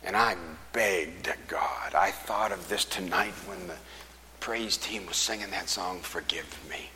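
A man's voice: deep voice, measured pace, bright, forceful tone, long reverb tail, slight background noise. A man preaching, telling a folksy personal story in an earnest sermon voice. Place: church.

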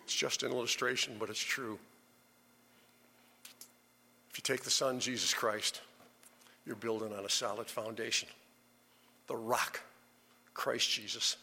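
A middle-aged male preacher with a bright, forceful tone, telling a story earnestly and without hurry. His voice rings out with a long reverb off the church walls. The delivery is steady and heartfelt. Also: medium pitch, fairly quick. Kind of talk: sermon storytelling. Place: church sanctuary.

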